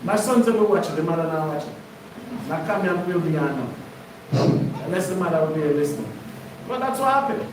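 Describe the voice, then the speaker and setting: A man preaches a sermon, spinning it into casual stories. His voice sits fairly high. He is picked up from across an echoey room with faint ambient noise. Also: lively intonation, fairly quick, pauses often, far from the mic. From Jamaica. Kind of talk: sermon teaching.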